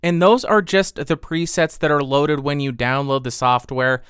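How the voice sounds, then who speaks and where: A man walking through the features of an audio interface and its software in a matter-of-fact way. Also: on the high side, fairly even intonation, normal speed, dry recording. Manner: clear, matter-of-fact explaining. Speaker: gear reviewer. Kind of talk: product walkthrough.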